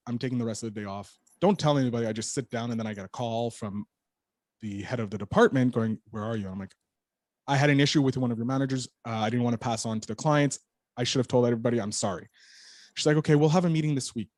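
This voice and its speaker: Guy guesting on a podcast, rambling animated story, cusses a lot, mid-pitched, dry close mic. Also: fast talker, dry recording. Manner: animated storyteller, swears freely. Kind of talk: casual storytelling interview.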